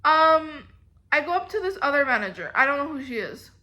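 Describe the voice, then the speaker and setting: A young woman tells a long, meandering story about bad jobs, filling every pause with "like" and "um". Her voice sits high and bright. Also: sing-song. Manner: rambling, filler-heavy storytelling. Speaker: vlogger. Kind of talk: storytime vlog.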